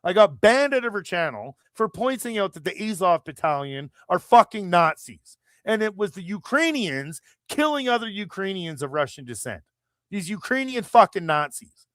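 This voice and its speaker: A man from Canada rants on his live chat stream, swearing hard and rambling from point to point. His voice sits a bit higher than most men's, and the sound is dry and close, with no room echo. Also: sing-song, moderate pace, a bit bright. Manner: profane, heated, rambling. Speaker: livestream host. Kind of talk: angry political rant.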